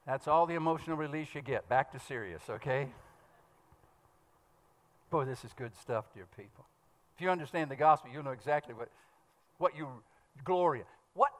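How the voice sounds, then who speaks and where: A man preaching a sermon in a fast, fervent style, pressing his points with bursts of emphasis. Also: fairly high pitch. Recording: long hall reverb.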